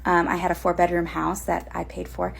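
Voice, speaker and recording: A woman telling a personal story, hesitant with many pauses. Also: fairly low pitch, completely flat delivery, creaky, slightly rough. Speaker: interviewee. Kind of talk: casual storytelling.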